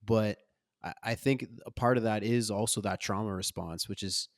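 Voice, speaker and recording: A man talking about a movie in relaxed podcast chat, his voice a little low and his manner lively and loose. The sound is dry and close, with no room echo. He uses plenty of slang and repeats himself as he gets excited. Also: moderate pace. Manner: animated, loose, casual with slang. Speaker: podcast co-host. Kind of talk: casual film discussion.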